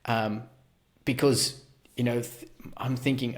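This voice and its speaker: A man's voice: medium pitch, a little slow. South African man hosting a casual podcast. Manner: rambling, self-deprecating, many restarts. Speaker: podcast host.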